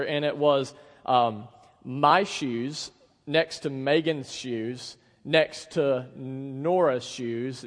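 Guy in his 30s preaching, chatty storytelling, kinda high voice, long echo in a big church. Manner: conversational storytelling, self-deprecating humor. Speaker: pastor. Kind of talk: sermon. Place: church sanctuary. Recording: long hall reverb.

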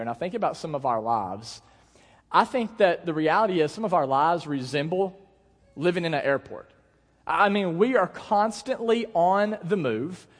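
A young man preaching a sermon to his congregation in a conversational, animated way, asking the crowd questions and telling stories. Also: sits high. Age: young adult. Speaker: pastor. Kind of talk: sermon with storytelling. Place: church hall. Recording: long hall reverb.

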